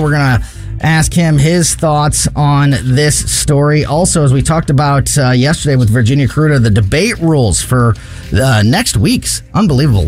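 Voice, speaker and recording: Indignant male talk radio host. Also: a little high. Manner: indignant, mocking. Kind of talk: opinionated radio commentary.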